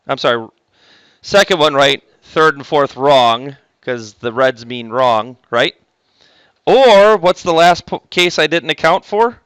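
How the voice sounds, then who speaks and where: A man's voice: on the high side, a bit bright, clean tone, no echo. A man teaching math to a class, joking with the students and stopping often to correct himself. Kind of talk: classroom lecture.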